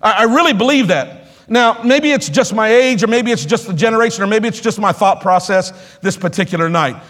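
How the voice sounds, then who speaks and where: A middle-aged man preaches in a church sanctuary, his voice sitting high for a man. He moves from quiet talk to shouted exhortation, calling out to the congregation. A long reverb trails each phrase through the hall. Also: fairly quick. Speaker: pastor. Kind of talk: sermon.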